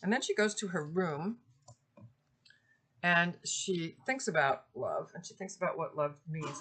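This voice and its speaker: Lady prof talking thru an old poem, easygoing, lots of uhs and ums. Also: low voice. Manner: relaxed explaining, with frequent ums and uhs. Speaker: literature lecturer. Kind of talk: informal recorded lecture.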